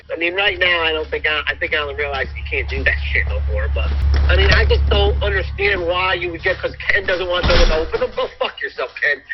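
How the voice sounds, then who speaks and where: A man's voice: high-pitched, dull audio. A man ranting angrily in private, swearing heavily as he vents. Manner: angry, profane, fast venting. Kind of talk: heated private rant.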